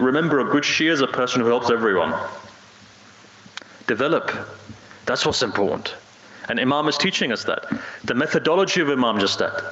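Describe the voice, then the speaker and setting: A man's voice: medium pitch, a bit bright. A man preaching a sermon with earnest emphasis, telling a story to a mosque congregation. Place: mosque hall. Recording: roomy, dull hall recording.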